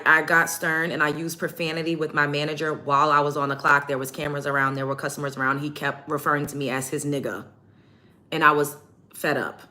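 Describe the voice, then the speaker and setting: A woman's voice: low-pitched, bright, forceful tone. A woman host talking casually to her livestream chat while getting ready. She is blunt and emphatic and repeats her points for stress. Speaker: show host.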